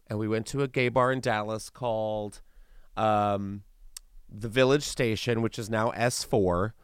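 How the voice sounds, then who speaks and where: A man hosting a podcast, telling animated stories with playful asides in casual chat. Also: medium pitch, smooth, no room sound, clean studio sound. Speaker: podcast host.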